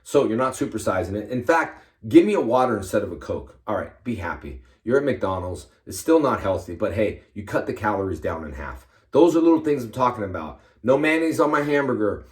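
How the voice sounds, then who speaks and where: A man, a karate instructor, giving energetic motivational fitness advice to his fans in short, punchy commands. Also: fairly low pitch, fairly quick, hardly any pauses, reverberant.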